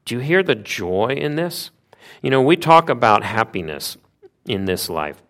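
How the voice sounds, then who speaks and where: A man preaching a sermon, retelling a Bible story with lively asides and rhetorical questions. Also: mid-range voice, a little slow.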